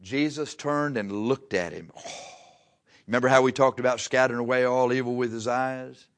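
A man's voice: medium pitch, normal speed. A man preaching, telling a Bible story in a folksy way and acting out the voices. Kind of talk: sermon.

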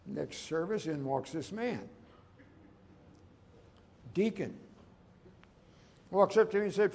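A man's voice: fairly high pitch, measured pace, gravelly, long pauses, darkish tone, a little hiss or hum. A male pastor preaching a folksy, conversational sermon, telling personal stories with emphatic turns.

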